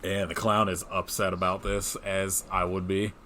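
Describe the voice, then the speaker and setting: A man's voice: low-pitched, flat delivery, normal speed, bright, forceful tone. A man casually recapping a movie on a podcast, rambling with many fillers, swearing and laughing often. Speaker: podcast co-host.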